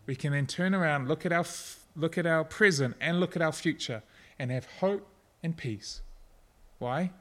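A middle-aged man preaching a sermon, earnest and personal, at times soft and reflective. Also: on the high side, normal speed. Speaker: pastor.

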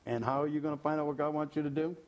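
A man's voice: fairly high pitch, fairly even intonation, rapid-fire, darkish tone. An older man giving an informal, folksy sermon, joking and repeating his phrases. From California. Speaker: lay preacher.

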